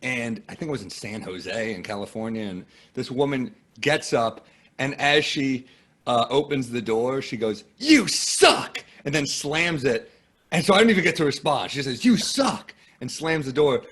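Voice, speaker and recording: An American guest comedian with a mid-range voice talks at a moderate pace in casual conversation, telling lively, self-deprecating stories.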